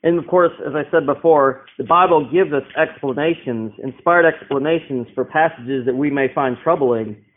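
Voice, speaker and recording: A man's voice: on the high side, moderate pace, few pauses. Man preaching over a tinny line. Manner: explanatory, asks rhetorical questions. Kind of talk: Bible teaching sermon. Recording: tinny phone-like sound.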